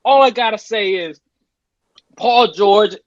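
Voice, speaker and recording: High-voiced man ranting emphatically. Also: takes it slowly, dry recording, dull audio. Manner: emphatic, repeats his points. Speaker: podcast host. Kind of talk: casual sports rant.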